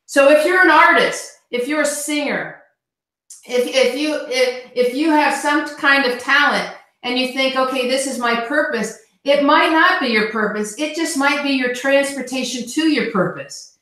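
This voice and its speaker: Woman, motivational speaker on a video call, tense bright tone, very echoey line. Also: high-pitched, normal speed. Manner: earnest, repeats words when starting. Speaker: guest speaker on team call. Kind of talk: motivational talk.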